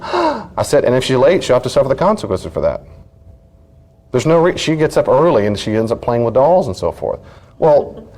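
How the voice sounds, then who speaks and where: Middle-aged man, pastor, low voice, folksy storyteller, live church talk. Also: darkish tone. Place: church meeting room.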